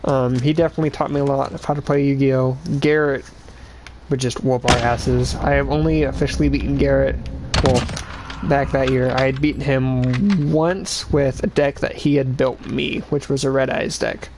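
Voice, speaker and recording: A young man hosts a laid-back podcast, speaking at an average male pitch. He often pauses to fill gaps with "um" as he steers the talk. Clear background noise sits under his voice. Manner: relaxed, fills pauses with um. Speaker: podcast host. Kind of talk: casual chat. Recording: noisy home recording.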